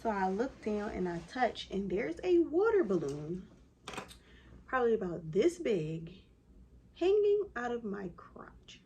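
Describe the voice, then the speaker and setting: A woman's voice: medium pitch, measured pace, lo-fi sound, slight background noise. Chatty woman telling a story. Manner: animated, lots of "like" fillers. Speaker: vlogger. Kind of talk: casual storytelling.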